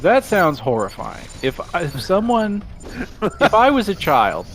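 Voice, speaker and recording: A man's voice: high voice, wildly swooping pitch, slow pace, soft background music. A young man, a podcast co-host, chatting casually during a live gaming stream and telling a rambling story, laughing mid-sentence.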